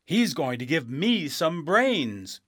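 A man voicing a bored, brainless scarecrow with a slow, sad drawl in a storybook reading. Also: on the high side, sing-song, fairly bright tone, no room sound, studio quality, voice pushed up, exaggerated voice.

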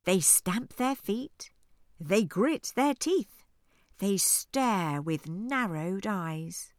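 Expressive woman reading a storybook. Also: medium pitch, drawn-out words, no echo, studio quality. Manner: expressive, rhyming sing-song delivery. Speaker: audiobook narrator. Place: recording studio. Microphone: studio microphone.

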